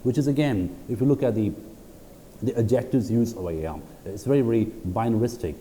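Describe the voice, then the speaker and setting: A man giving a recorded university lecture, reading quotes aloud slowly and checking in with "right?" between points. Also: medium pitch, dark tone. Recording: hall reverb with faint background noise.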